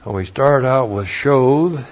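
A man's voice: medium pitch, slow pace. A man teaching the Bible verse by verse, spelling out words letter by letter and repeating his points for emphasis. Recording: dull lo-fi recording.

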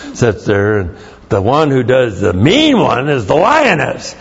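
A man's voice: medium pitch, big pitch swings, measured pace, gravelly, husky. A man teaching a Bible lesson, explaining Hebrew words and spelling them out letter by letter. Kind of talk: verse-by-verse Hebrew word study. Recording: dull lo-fi recording.

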